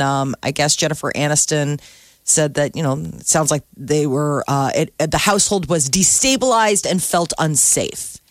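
Woman radio cohost doing celeb gossip, kinda low voice, lots of ums, faint music. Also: a bit bright, no echo. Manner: loose delivery full of ums and uhs. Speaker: radio co-host reading entertainment news. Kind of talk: casual celebrity news segment.

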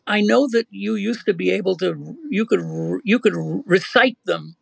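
An older man with a high, heavily gravelly voice chats as a guest, teasing and a bit halting as he puts questions to his host. The sound is dry and close. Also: no room sound. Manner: halting, teasing quiz-giver. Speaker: guest, veteran newsman. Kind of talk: casual interview chat.

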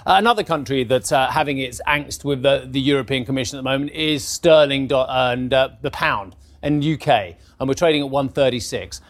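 A man in his fifties presenting a live markets rundown, chatty and animated, talking straight to viewers. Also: mid-range voice, a little fast, few pauses.

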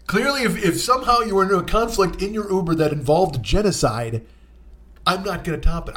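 A man hosting a podcast tells a comic story in a loose, rambling way, swearing freely as he goes. His voice sits a little high for a man. The delivery is animated and conversational. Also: fairly quick. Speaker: podcast host.

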